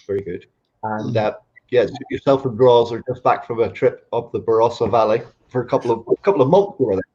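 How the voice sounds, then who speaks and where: A man hosting an interview over a video call, asking friendly, quick questions. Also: medium pitch, dark tone, dull audio. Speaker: podiatrist host. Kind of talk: casual interview chat.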